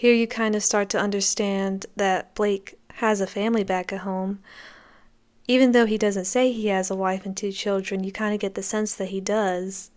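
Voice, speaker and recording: Smooth-voiced woman chatting film commentary. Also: medium pitch, flat delivery, normal speed, a little mellow. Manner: enthusiastic, conversational, reacting to scenes as they play. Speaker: podcast host.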